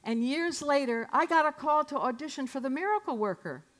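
A woman in her sixties telling comic stories from her own life on a club stage, wry and self-mocking. Her voice sits somewhat high and comes through a stage mic. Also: animated, a little fast, fairly bright tone. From San Francisco, United States. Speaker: performer. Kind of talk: comic storytelling monologue.

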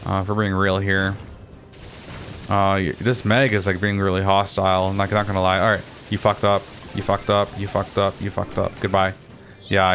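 A man's voice: a bit bright, slight background noise. A young man giving casual gameplay commentary, swearing and ranting at opponents, his voice climbing when he gets agitated. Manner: restarts and fillers, rises in pitch when agitated. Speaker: gaming commentator.

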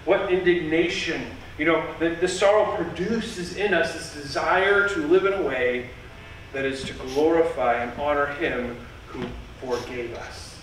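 A man's voice: a little high, a little slow, fairly bright tone, slight background noise. A male pastor preaching a sermon in an earnest, emphatic way, often repeating phrases for stress. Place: church sanctuary. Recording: echoey church heard from a distance.

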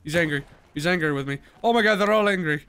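A young man gaming with friends in casual chat, excitable and yelping loudly when in danger. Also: fairly high pitch, quick pace, clean tone. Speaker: gaming YouTuber.

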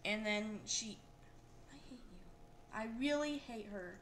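A young woman commenting casually on her gameplay, excitable and quick to yell or laugh at the game. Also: on the high side. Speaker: gameplay video host.

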